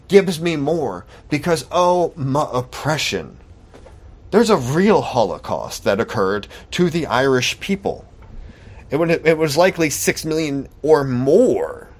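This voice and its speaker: A man hosting a solo podcast, talking in a sarcastic, mocking commentary style. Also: mid-range voice. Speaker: podcast host.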